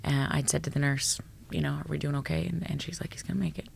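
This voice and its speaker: Brief: woman psychologist guest, gravelly and husky, blunt, animated, swears freely. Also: low-pitched, fast talker. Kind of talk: storytelling in a podcast interview.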